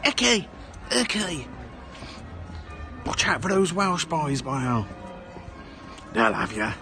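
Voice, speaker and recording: A man's voice: medium pitch, expressive, a little slow, over music. A man talking casually as he walks through a small town outdoors, rambling and tacking "eh?" onto his remarks. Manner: rambling chatter with tag questions. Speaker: vlogger. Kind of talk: casual walking vlog.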